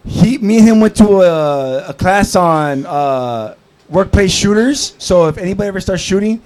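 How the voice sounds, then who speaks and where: A man's voice: high-pitched, animated, normal speed. A tipsy man hosting an open mic, telling a loose story and handing out prizes to the crowd. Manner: loose, rambling, shouts to the crowd. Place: comedy club stage before a live audience.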